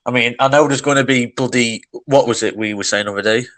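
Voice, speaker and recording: A man's voice: mid-range voice, fast talker, fairly bright tone, rough recording. A young man co-hosting a podcast, ranting in casual chat, agitated, with sighs and many restarts. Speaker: podcast co-host.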